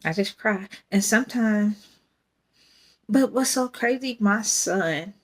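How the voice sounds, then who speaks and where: Slow-talking rambling woman podcaster. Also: medium pitch. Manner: rambling, candid, laughs often. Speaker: podcast host. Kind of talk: casual faith talk.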